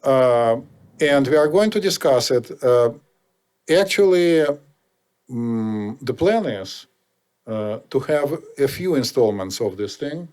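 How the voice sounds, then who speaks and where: A man's voice: medium pitch, lively intonation, slow, darkish tone. A man with a Russian accent hosting a casual podcast chat, explaining things in a meandering, hesitant way. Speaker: podcast host.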